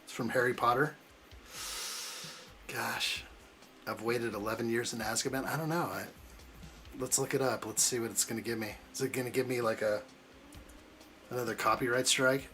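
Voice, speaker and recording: A man of middle pitch hosts a relaxed live stream, tossing out jokes and playful teasing as he answers his chat. Faint music plays quietly behind him. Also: normal speed, pauses often. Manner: joking, teasing banter while reading chat aloud. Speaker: live stream host building a model kit.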